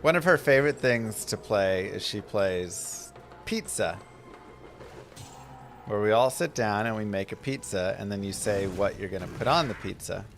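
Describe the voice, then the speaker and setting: A man's voice: lowish voice, expressive, normal speed, faint music behind. A man giving casual, chatty commentary while streaming a game, mixing game tips with family stories.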